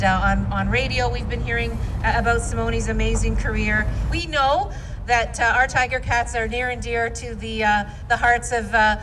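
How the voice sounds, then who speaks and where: A woman mayor giving a halting public speech with many restarts and filler words. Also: a little high, recorded from a distance, noisy background.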